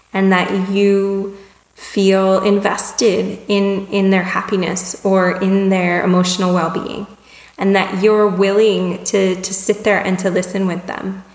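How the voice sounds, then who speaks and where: A woman giving a conversational lesson on empathetic listening. She checks in with her listeners, often asking "right?" or "okay?", and sometimes acts out little dialogues in lively voices. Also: mid-range voice, slow pace. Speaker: communication teacher. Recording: echoey room with long reverb.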